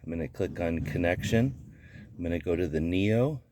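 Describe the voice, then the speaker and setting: A man with a very low voice talks through a gadget setup one step at a time, in an easygoing, unscripted way. A faint hiss sits under his words. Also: normal speed. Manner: relaxed, narrates each step with small fillers. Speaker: gadget reviewer. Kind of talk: casual how-to walkthrough.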